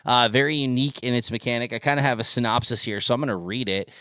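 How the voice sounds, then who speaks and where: A man co-hosting a podcast, telling stories in an animated way with lots of filler words. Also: mid-range voice, quick pace, dry recording. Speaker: podcast co-host. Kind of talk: casual chat.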